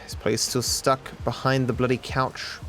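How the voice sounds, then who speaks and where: A man's voice: mid-range voice, level tone, normal speed, a bit bright, faint music behind. A man streaming a game, joking at his own expense, swearing freely and talking to his chat. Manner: joking, profane, self-deprecating, talks to chat. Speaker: gaming streamer. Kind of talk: livestream gameplay commentary.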